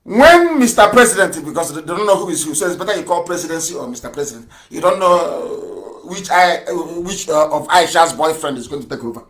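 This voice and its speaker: A man giving a live radio address, fiery and mocking, firing off rhetorical questions and swinging from loud outbursts to low mutters. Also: a little fast, few pauses. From Nigeria. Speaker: broadcaster.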